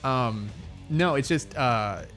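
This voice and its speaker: A man's voice: mid-range voice, animated, slow, fairly bright tone, faint music behind. A man hosting a podcast in casual chat, rambling and teasing with many fillers and restarts. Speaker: podcast host.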